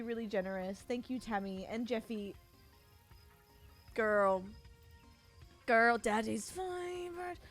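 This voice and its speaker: A woman streamer chatting casually and emotionally, giggling, swearing freely and thanking her donors. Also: a little high. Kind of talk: casual live-stream chat.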